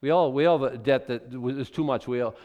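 A man preaching a sermon in an animated, excitable way, often stopping and restarting his sentences. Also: medium pitch, fast, in a large hall. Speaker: pastor.

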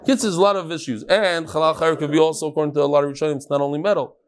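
A man teaching a live Talmud class, lively and chatty, teasing his audience. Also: fairly high pitch, rapid-fire, clean tone.

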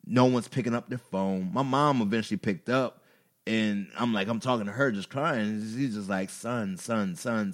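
Low-voiced candid rapper telling stories. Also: male voice. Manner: emotional, laughing, expressive storytelling with curses. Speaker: podcast guest, rapper. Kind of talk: candid storytelling chat.

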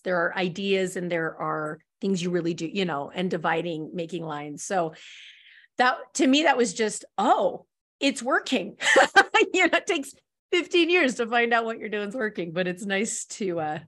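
A middle-aged woman chats on a podcast as a guest and shares stories about raising her children. Her voice sits at an ordinary middle pitch, and she tells things in an earnest way and laughs easily. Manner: storytelling, laughs often, warm and earnest. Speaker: guest, homeschooling mother. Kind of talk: casual podcast conversation.

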